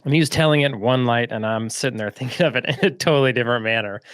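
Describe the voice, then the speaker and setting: A laid-back man telling a story on a business podcast, chatty and loose, with filler words throughout. His voice sits at an ordinary pitch, recorded close and dry with no room sound. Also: very fast, clear, resonant tone, dry recording. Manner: relaxed, chatty, lots of "like" and "right?". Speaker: podcast host. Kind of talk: casual storytelling. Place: lives in Florida.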